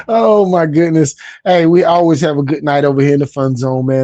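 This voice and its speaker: A man's voice: a little high, steady tone, brisk, warm tone, dry recording, dull audio. Laid-back man hosting a live stream. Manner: laid-back, chatty, repeats phrases. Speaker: livestream host. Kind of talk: casual live-stream chat.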